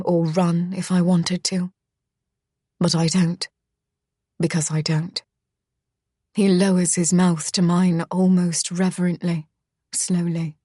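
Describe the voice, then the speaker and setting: A woman reading a dark romance audiobook in first person, slow and unhurried, her voice soft and turning breathy in the tender passages. Her tone sits a little low, recorded close and completely dry. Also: no echo. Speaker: audiobook narrator.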